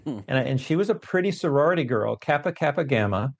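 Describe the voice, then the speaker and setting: Gravelly-voiced man telling his story. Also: mid-range voice, quick pace. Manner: animated, self-deprecating, emphatic. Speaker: guest scientist. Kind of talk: conversational storytelling.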